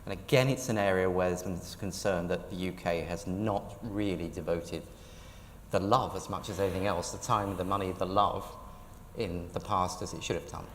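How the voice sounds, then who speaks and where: A man interviewing a guest on stage, asking brief, measured questions. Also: sits low, steady tone. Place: large conference hall. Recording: echoey hall with faint room noise.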